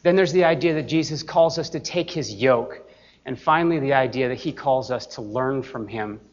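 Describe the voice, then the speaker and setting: Earnest preaching man, dull lo-fi sound. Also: medium pitch. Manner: earnest, emphatic, slows deliberately on key phrases. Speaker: pastor. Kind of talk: sermon.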